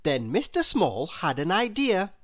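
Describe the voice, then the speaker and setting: A woman reading a children's picture book aloud in a slow, expressive, sing-song storytelling voice. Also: fairly low pitch, dry recording. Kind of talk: children's read-aloud narration.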